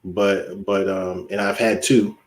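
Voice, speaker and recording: Slow, low-voiced man in an echoey room. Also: little pitch movement, a little hiss or hum. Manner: soft-spoken and hesitant, with many fillers and restarts. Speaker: guest, Navy veteran and minister. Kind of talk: casual interview talk.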